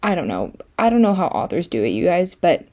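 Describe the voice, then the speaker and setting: A woman's voice: fairly low pitch, very animated, fairly quick, warm tone. A young woman from France chatting casually about a book she loved, with many fillers and repeated words. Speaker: book vlogger. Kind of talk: casual vlog talk.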